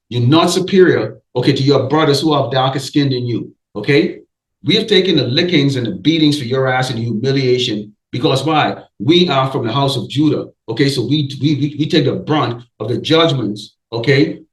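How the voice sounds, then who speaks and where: Man preaching in an echoey room, emphatic and repetitive, pitch in the middle. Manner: emphatic, repeats okay and restarts often. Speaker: street preacher. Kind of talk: preaching sermon.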